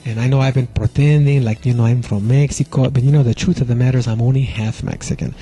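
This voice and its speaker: Brief: male stand-up, husky, mellow voice, rambling monologue with frequent asides. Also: mid-range voice, steady tone, quick pace. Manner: rambling, many filler asides. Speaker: stand-up comedian. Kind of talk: comedy monologue.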